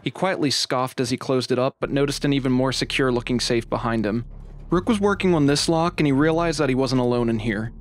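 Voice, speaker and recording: A man's voice: medium pitch, a little fast. A man hosting his channel, telling an adventure story from a game playthrough in an upbeat, dramatic storytelling manner. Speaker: channel host and narrator.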